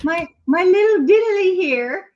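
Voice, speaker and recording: A high, squeaky pet dog voice, sing-song and babyish, as a woman puts him on. He chirps his welcome in a sweet, exaggerated way. The sound is slightly dull and lo-fi. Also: animated, a little slow, a little mellow. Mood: cutesy. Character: playful old male pet dog welcoming viewers.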